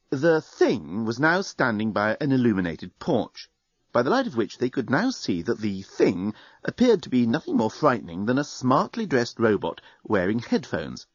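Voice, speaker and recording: A man narrating an audiobook with expressive storytelling. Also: mid-range voice, no echo. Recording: dry, dull studio recording.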